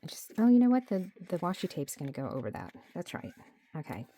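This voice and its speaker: Casual female craft creator at her home desk: animated, singsong delivery, thinks aloud, slips into near-whispers. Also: on the low side, fast talker, husky. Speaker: journaling creator.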